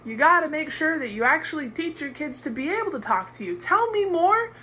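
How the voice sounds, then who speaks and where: Woman, high and bright, blunt and casual, tosses off quick silly voices. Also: animated, a little hiss or hum. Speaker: parenting tips creator. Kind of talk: casual advice talk.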